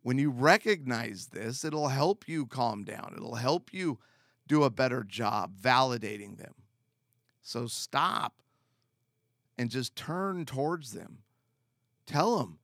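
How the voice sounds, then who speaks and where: A man speaking as a marriage counselor, giving calm, earnest and direct advice with repeated emphatic phrases. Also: medium pitch, takes it slowly, no echo, studio quality. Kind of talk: advice talk to camera.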